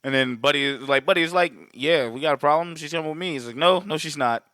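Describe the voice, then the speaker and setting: Bright-voiced man recapping a movie. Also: fairly high pitch, quick pace, clear, resonant tone, no room sound. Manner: profane, animated, acts out movie quotes. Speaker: podcast co-host. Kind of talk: casual film recap chat.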